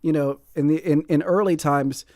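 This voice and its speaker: A man's voice: fairly high pitch, fairly even intonation, normal speed, a little mellow, dry recording. Dry-sounding male radio host. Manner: reads listener comments aloud, asks probing questions. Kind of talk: public radio call-in interview.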